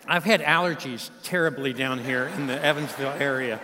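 A man's voice: medium pitch, fairly quick, few pauses, background noise. A man in his fifties, a guest pastor preaching and telling a folksy story to a church congregation. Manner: folksy, warm storytelling with audience asides. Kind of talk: sermon with storytelling. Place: large church sanctuary. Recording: live church hall reverb.

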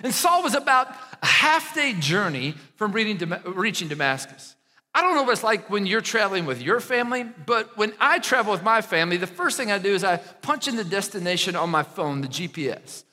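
A man preaching a sermon in a church, animated and conversational, often checking in with the congregation. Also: high voice, brisk, in a large hall. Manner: animated preaching with frequent "right?" asides. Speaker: pastor.

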